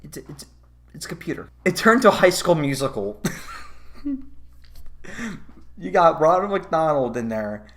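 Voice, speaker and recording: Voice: mid-range voice, measured pace, pauses often. A vlogger ranting about a movie in a casual comedic review, swearing often and laughing. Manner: profane, animated, laughing.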